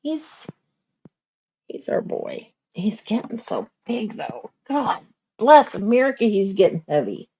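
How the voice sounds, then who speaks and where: A woman's voice: medium pitch, wildly swooping pitch, takes it slowly, vocal fry, dark tone, husky, highs cut off. An older woman, an author hosting a casual livestream, chatting and laughing often while she coos at a baby.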